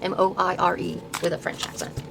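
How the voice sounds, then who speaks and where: An older woman with a lowish voice murmurs through a tarot deck walkthrough, reading card names one by one and stumbling over words as she restarts them. A steady hum of room ambience sits clearly behind her voice. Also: a little fast. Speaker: host showing her tarot deck collection. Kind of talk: soft-spoken casual deck walkthrough.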